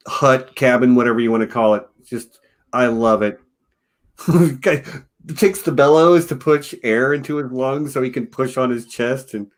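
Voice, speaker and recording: Man, from Texas, middle pitch, casual film chat, eager, laughs a lot. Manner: enthusiastic, quotes lines, laughs often. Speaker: podcast co-host.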